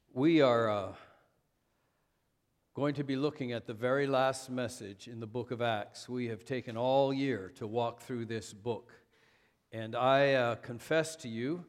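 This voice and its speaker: A man preaching a sermon as pastor, conversational and self-deprecating, with frequent fillers. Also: mid-range voice.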